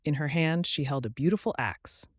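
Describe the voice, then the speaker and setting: A man hosting his channel, narrating a children's story clearly and expressively for English learners. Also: on the high side, normal speed, no room sound, studio quality.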